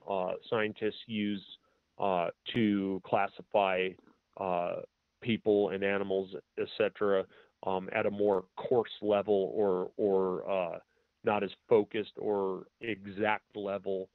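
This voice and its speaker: A man hosting a talk show who speaks hesitantly with many pauses and filler words, and reads documents aloud, spelling out capitals and punctuation. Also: on the low side, no echo. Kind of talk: slow, halting talk-radio monologue. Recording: tinny, dry phone-line audio.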